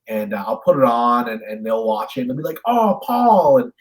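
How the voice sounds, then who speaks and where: A man in his thirties from Canada, chatting as a guest in a casual interview, telling lively stories and restarting his sentences often. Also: fairly low pitch, quick pace, low-quality recording. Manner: animated storyteller, acts out voices in anecdotes; stammering restarts when thinking aloud. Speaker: actor and guest.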